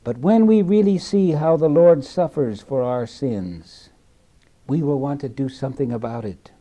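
A man preaching a sermon in a slow, deliberate way, dropping to a hush and then rising loud again. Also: mid-range voice, lively intonation.

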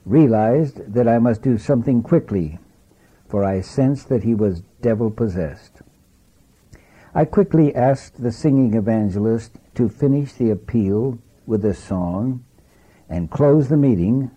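A male preacher delivers a sermon slowly and deliberately, his voice very dark and husky. He tells his story in an earnest, measured manner with dramatic turns. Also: medium pitch, rough recording.

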